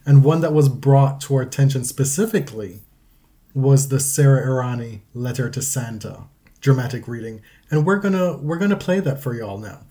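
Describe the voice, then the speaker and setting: Mellow-voiced man co-hosting a podcast. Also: mid-range voice. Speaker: podcast co-host. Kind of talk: casual podcast chat with dramatic reading.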